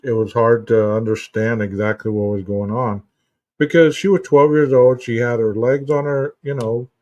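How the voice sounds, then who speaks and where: Picked up far from the mic with no echo, a man's medium-pitched, darkish voice comes through dull and muffled. He's a therapist hosting a casual live stream, telling stories and answering chat in a meandering way, with frequent restarts and "you know" fillers.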